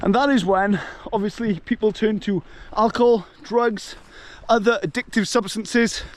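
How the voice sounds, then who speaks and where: A young man with a fairly high voice gives an earnest pep talk, a little out of breath from the climb. He is filmed outdoors on a camera held as he walks. Soft hiss sits faintly under his words. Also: fairly even intonation, unhurried. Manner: earnest, motivational rant. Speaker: travel vlogger. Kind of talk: walking vlog monologue. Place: outdoors on a hillside walk in the rain.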